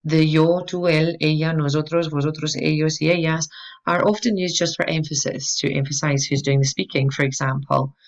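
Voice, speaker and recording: A woman teaching a language lesson, explaining clearly and patiently and encouraging the listener to repeat after her. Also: low-pitched, fairly even intonation, moderate pace, muffled recording. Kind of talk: instructional explanation.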